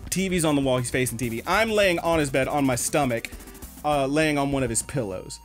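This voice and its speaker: Animated, foul-mouthed young man telling stories. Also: medium pitch, brisk, soft background music. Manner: animated storyteller, swears a lot. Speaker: podcast co-host. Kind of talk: casual chat.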